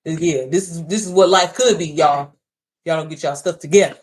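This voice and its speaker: A woman's voice: low voice, normal speed, a little mellow. A woman in her thirties giving a casual, emphatic pep talk to viewers on a phone livestream from home, mixing swearing with encouragement. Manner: emphatic, preachy, swearing, talks straight to viewers. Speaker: online business coach.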